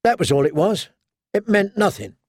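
Man doing a young lord, proud, bitter, fearful, tense brooding delivery, slow, close dry sound. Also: fairly high pitch, expressive, vocal fry, no echo, full character voice. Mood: shaken.

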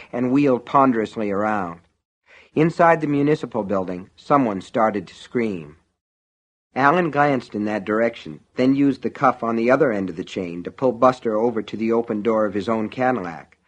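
A man narrates a novel in a measured, even storytelling voice. His pitch sits in a plain middle range, steady through the action. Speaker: audiobook narrator. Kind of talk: scripted narration.

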